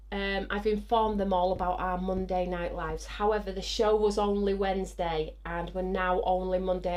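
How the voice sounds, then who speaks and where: A woman hosting a live craft show, chatting excitedly, whooping and reading out viewer comments. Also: mid-range voice. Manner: bubbly and excitable, whooping and laughing.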